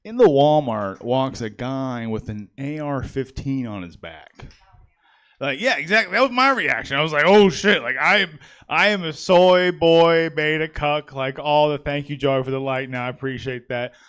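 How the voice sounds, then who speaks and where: A man's voice: fairly high pitch, normal speed, a bit bright, clear, resonant tone. Rambling man doing stand-up. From California. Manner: rambling, self-mocking, frequent "all right?". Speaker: stand-up comic and emcee. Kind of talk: stand-up comedy set. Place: live comedy stage.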